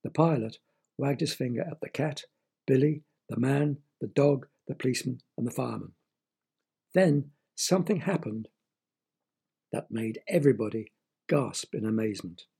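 A man's voice: mid-range voice, expressive, normal speed, gravelly, warm tone, breathy edge. A man telling a children's story, playful and asking the young listeners questions.

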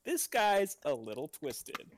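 A man casually pitching the characters of his script to friends, laughing often and talking quickly in asides. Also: wildly swooping pitch, slight background noise. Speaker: script writer and narrator. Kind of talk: casual chat at a table read.

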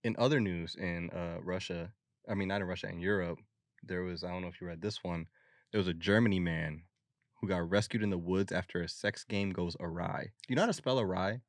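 A man's voice: low-pitched, a little fast, dry recording. A young man hosting a podcast, recounting news stories in casual, laid-back, slangy chat. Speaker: podcast host.

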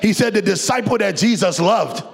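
A man with a high, gravelly and husky voice preaching in church. He leads the congregation in call and response. His delivery swings from quiet, low asides to shouted, sung climaxes. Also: lively intonation, moderate pace. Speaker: pastor. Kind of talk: preaching sermon.

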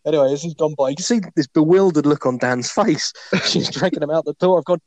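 A man's voice: on the high side, fast talker, no echo. Laughing man spinning a bawdy yarn. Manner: laughing, bawdy, animated anecdote telling. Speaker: podcast host. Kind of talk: casual storytelling.

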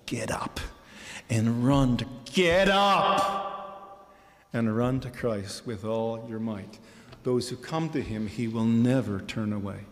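A man's voice: medium pitch, measured pace, a little mellow. A male pastor preaching an impassioned sermon, pressing the congregation with rhetorical questions and repeated phrases. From Michigan, USA. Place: church sanctuary. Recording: reverberant church hall.

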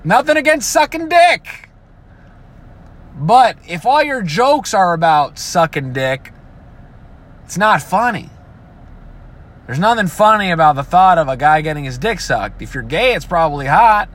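Guy ranting, swears a lot, kinda high voice, does mocking voices, sounds like he's in a car. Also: sing-song, normal speed, fairly bright tone. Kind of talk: casual rant.

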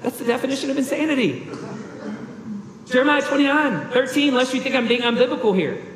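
A man's voice: very high-pitched, a little fast, fairly bright tone, reverberant, long reverb tail, a little hiss or hum, poor audio. A man preaching a sermon as a pastor, earnest and emphatic, with rhetorical questions.

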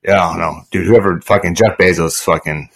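A low-voiced man talking casually on a podcast. He rambles and swears a lot, piling up fillers as he goes. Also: fairly even intonation, brisk, vocal fry. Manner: profane, rambling, lots of fillers. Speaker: podcast co-host.

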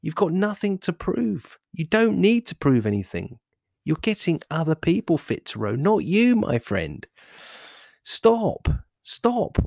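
A man's voice: high-pitched, big pitch swings, measured pace, vocal fry, darkish tone, dry recording, clean studio sound, pitched above the performer's own voice, full character voice. A man voicing a coaxing male inner voice that tempts a rower to quit, in a wheedling, soothing tone, on a podcast. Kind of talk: podcast monologue.

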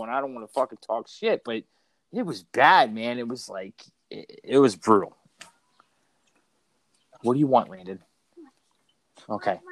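A man's voice: medium pitch, fairly bright tone, no echo. A man co-hosting a casual podcast chat, rambling and swearing, with many restarts. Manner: rambling, profane, frequent restarts. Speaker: podcast co-host.

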